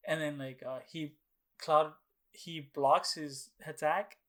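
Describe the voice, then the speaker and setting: Young male podcast co-host, slightly high voice, rambling and profane, acts out his own reactions. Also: fairly even intonation, slow, fairly bright tone. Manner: rambling storytelling full of fillers and swearing, acting out his own past reactions. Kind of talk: casual chat.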